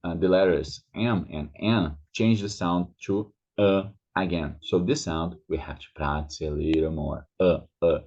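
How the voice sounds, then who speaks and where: A man with a Brazilian Portuguese accent gives a slow pronunciation lesson, saying each word again and again. His voice sits very low and has a husky edge. The recording sounds dull and lo-fi. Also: steady tone, a little mellow. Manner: slow, repeats words over and over, drawn-out vowels. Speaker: language teacher.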